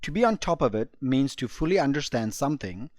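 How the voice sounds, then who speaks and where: A male teacher narrates an English lesson with careful, clear explanations. His voice sits in a middle pitch. It is recorded close and dry, with no room sound. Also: very animated, darkish tone, no room sound. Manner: slow, clear explanations for learners.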